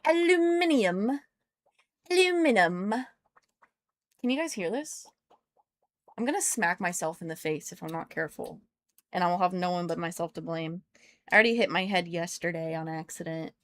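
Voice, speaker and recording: A woman's voice: on the low side, brisk, fairly bright tone, dry recording. A young American woman chatting casually on a live stream, playful and rambling as she talks to her viewers while tinkering. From United States.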